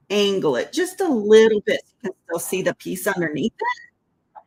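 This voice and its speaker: Slow, lively woman demonstrating card-making. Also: medium pitch, breathy edge, poor audio. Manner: chatty, talks while working, laughs at own slips. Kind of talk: casual crafting tutorial.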